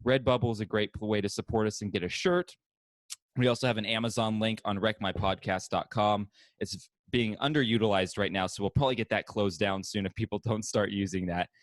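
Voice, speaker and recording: A man's voice: fairly low pitch, fairly even intonation, brisk, no room sound. A man hosting a casual podcast from home, chatting, laughing often and running through the show's plugs. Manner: laughs often while plugging the show. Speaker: podcast host. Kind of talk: casual chat and show plugs.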